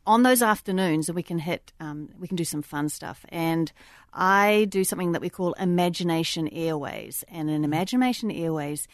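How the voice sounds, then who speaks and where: Brief: New woman teacher, slightly low voice, lively, dry close sound. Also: moderate pace, few pauses, no echo. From New Zealand. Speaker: kindergarten teacher. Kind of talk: casual radio interview.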